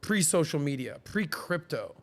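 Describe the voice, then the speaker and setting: Animated man telling stories on a podcast. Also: a little high, moderate pace. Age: 40s. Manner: animated, acts out quoted voices. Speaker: podcast host. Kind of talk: casual storytelling.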